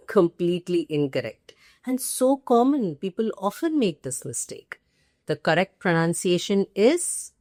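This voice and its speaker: Slow, emphatic Indian English teacher woman. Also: fairly low pitch, big pitch swings, darkish tone. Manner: emphatic, repeats key words slowly. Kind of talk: pronunciation lesson to camera.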